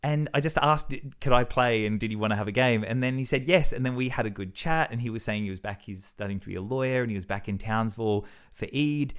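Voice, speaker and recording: A man's voice: medium pitch, quick pace, hardly any pauses, clear, resonant tone. A young man talking through a casual, reflective vlog monologue, rambling and self-deprecating with plenty of fillers and restarts. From Australia. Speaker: vlogger.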